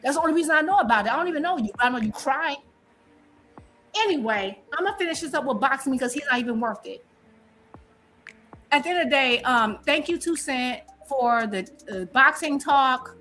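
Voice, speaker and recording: A woman's voice: sits high, expressive, a little fast, pushed and bright, slight background noise. A woman on a live-stream panel, arguing in a confrontational, defiant way and repeating her points.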